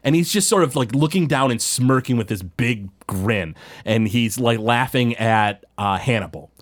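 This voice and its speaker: A man's voice: mid-range voice, lively intonation, moderate pace. A man running a tabletop game as game master, narrating in a rambling way with many fillers.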